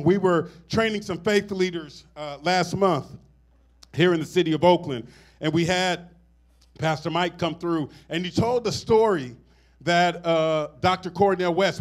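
A fairly high-pitched middle-aged man delivers a sermon as pastor. He builds phrases to a swell and breaks off into casual asides to the congregation. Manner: preaching with rising, swelling emphasis and call-and-response asides.

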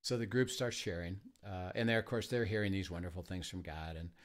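A man who leads a ministry tells stories in a conversation, halting often with fillers and restarts and acting out the quoted dialogue. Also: sits low. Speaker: ministry leader. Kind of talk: conversational storytelling.

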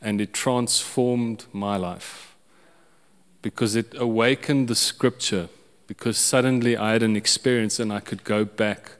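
Slow-speaking preacher man. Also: on the low side, fairly even intonation, smooth, in a large hall. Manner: personal storytelling with frequent restarts and chuckles. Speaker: pastor. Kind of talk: sermon.

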